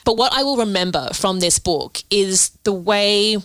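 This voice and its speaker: A woman co-hosting a podcast, talking through a book in a thoughtful, measured way. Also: medium pitch, expressive, fairly bright tone, no room sound, rough recording. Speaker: podcast co-host. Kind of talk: casual book discussion.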